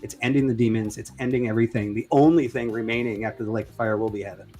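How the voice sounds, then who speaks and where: A man's voice: mid-range voice, steady tone, fast, warm tone. A man leads a casual online discussion in an ordinary mid-range voice. He speaks hesitantly and keeps restarting his sentences with fillers. Faint music plays in the background. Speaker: debate host.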